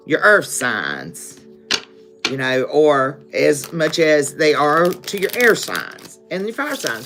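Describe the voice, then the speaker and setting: A woman with a low voice gives a live-stream tarot reading, calling her viewers "collective" and often checking in with "okay?" Background noise is audible.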